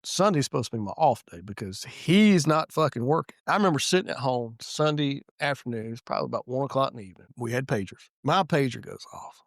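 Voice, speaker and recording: A middle-aged man, a retired police sergeant telling stories in a casual podcast chat, profane and animated. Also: mid-range voice, fast, vocal fry, hardly any pauses, no echo, studio quality.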